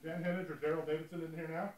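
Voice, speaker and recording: A man making quick, offhand announcements at a conference, heard from away from the mic. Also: fairly high pitch, flat delivery, a little mellow, far from the mic. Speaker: event organizer. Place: conference room. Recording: echoey room from off mic.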